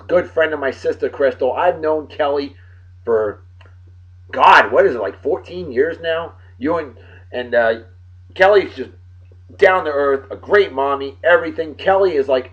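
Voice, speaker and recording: A man hosting a casual vlog, giving loud shout-outs and stretching out names for emphasis. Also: medium pitch, expressive, moderate pace. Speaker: vlog host. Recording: dull lo-fi sound.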